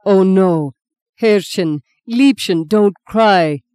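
A woman reading the part of a tender man with a German accent, speaking softly and low. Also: very slow, clean tone, no room sound. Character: tender German man, soft-spoken lover.

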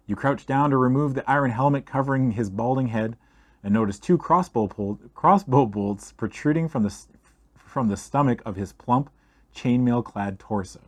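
A man reading a fantasy gamebook aloud in a steady storytelling voice, speaking to the listener as "you". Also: medium pitch. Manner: steady storytelling read-aloud, second person. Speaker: game reader.

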